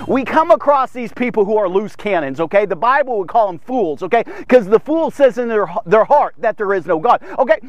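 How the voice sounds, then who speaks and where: High-voiced, excitable man preaching. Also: brisk, hardly any pauses, dry recording. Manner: energetic, punctuates with "okay?"; acts out biblical speakers in a raised voice. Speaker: devotional podcast host. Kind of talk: informal devotional preaching.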